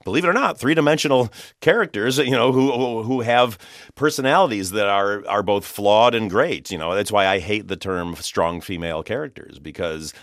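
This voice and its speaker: A man's voice: on the low side, moderate pace, a bit bright, no room sound, clean studio sound. A man, a film director, talking animatedly in an interview, laughing often and restarting his sentences as he goes. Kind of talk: conversational interview.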